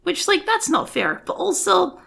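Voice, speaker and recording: Wry woman co-host for casual film chat; bright, tense tone with heavy fry. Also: extremely high pitch, sing-song, a little slow. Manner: wry, teasing. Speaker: podcast co-host.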